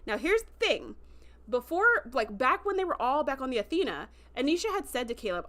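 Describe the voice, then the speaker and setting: A woman's voice: high-pitched, sing-song, a little fast, fairly bright tone. A woman hosting a livestream, chatting casually through an episode recap with lots of fillers and acted-out quotes. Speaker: show host.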